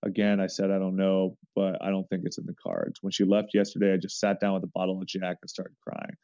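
A man's voice: low-pitched, monotone, brisk, mellow, no room sound. A man reading a forum story aloud in the first person, earnest and sometimes restarting his sentences. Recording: dull lo-fi sound.

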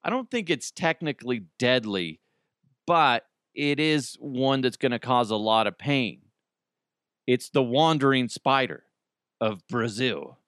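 A man's voice: mid-range voice, unhurried, fairly bright tone, no room sound, studio quality. A man in his thirties, a podcast host, telling stories in a casual, joking monologue and laughing often.

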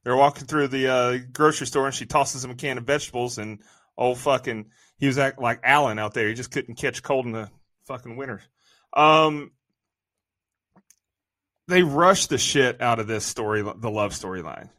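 A man's voice: mid-range voice, normal speed, a bit bright, no room sound, clean studio sound. A man co-hosting a casual movie review podcast, venting in a profane, exasperated rant. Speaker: podcast co-host.

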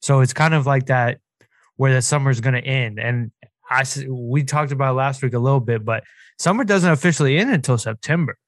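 Young guy on a podcast, chill and rambling, middle-pitched voice, dry sound. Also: brisk, no room sound. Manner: relaxed, many fillers and restarts. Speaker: podcast co-host. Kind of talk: casual podcast chat.

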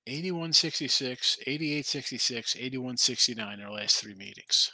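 A man's voice: medium pitch, lively intonation, moderate pace, bright, forceful tone, no room sound. A man hosting a late-night sports betting stream, rambling casually as he thinks aloud over the lines and answers viewers. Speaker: sports betting show host. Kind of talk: casual live-stream chat reading viewer picks.

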